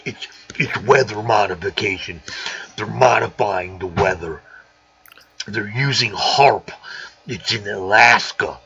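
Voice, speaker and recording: A man's voice: lowish voice, takes it slowly, pauses often, bright, forceful tone, lo-fi sound, voice pushed down, exaggerated voice. A man doing an impression of a blunt, boastful ex-wrestler turned governor who talks conspiracy theories. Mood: ranting. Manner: gruff, boastful declarations. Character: blunt middle-aged male ex-wrestler governor, conspiracy-minded.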